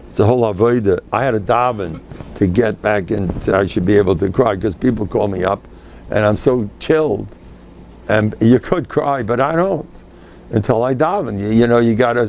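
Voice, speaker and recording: An older man giving an informal, animated Torah class as a rabbi, sprinkling Yiddish and Hebrew phrases. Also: fairly low pitch, slight background noise.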